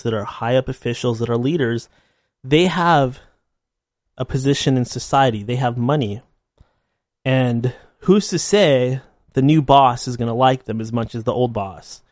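A man's voice: medium pitch, a little mellow, no room sound, studio quality. A man delivering a blunt, sarcastic opinion monologue full of rhetorical questions. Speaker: commentator.

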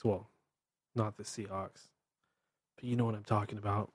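A man's voice: on the low side, flat delivery, normal speed, pauses often, breathy edge, no room sound. A man with a Pacific Northwest American accent hosting his show, ranting bluntly and irreverently. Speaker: podcast host. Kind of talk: ranting monologue.

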